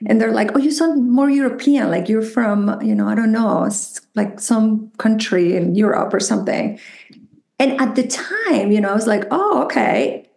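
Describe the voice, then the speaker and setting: A woman with a Mexican Spanish accent speaks with a gravelly edge to her voice. She tells her experiences in a reflective, animated way, often slipping into the voices of people she quotes. The room around her is echoey. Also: mid-range voice, moderate pace. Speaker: psychotherapist guest. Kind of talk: conversational interview.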